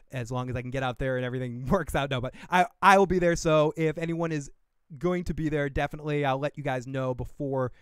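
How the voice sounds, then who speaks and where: Rambling, swearing man with a smooth voice. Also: fairly high pitch, dry recording, studio quality. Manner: rambling and profane, with laughs and self-talk. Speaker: podcast host reviewing a trailer. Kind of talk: casual livestream chat.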